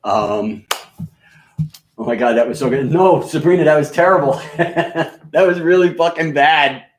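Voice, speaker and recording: A man's voice: on the high side, a little slow, slight background noise. A man from New York with a mixed New York accent, a radio DJ chatting casually, rambling, profane and joking with lots of fillers. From New York, USA. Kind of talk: casual live-stream chat. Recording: echoey room.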